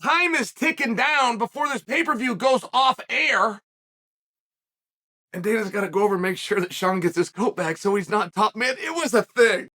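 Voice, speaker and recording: A middle-aged man from the western United States, hosting an animated solo commentary and telling the story with emphatic, shouted bursts. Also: sits high, normal speed. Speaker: host.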